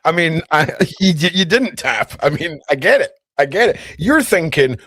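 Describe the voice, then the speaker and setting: A man's voice: on the high side, expressive, normal speed, few pauses, a bit bright, dry recording, studio quality. A man with a Scottish accent hosting a podcast, chiming in with enthusiastic agreement and easy laughter. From Scotland. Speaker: podcast host. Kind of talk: casual chat.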